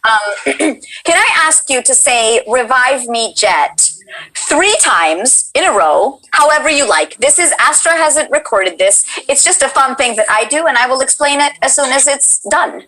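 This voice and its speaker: A woman hosts a casual livestream, bubbly and gushing as she reads viewers' comments aloud. Her voice is bright and sits a little high. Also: animated, measured pace, poor audio. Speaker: host.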